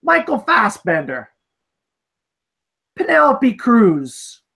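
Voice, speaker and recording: A woman's voice: a little high, wildly swooping pitch, very slow, creaky, a bit bright, husky. A woman co-hosting a casual movie talk show, speaking with emphatic, exasperated outbursts. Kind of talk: casual chat.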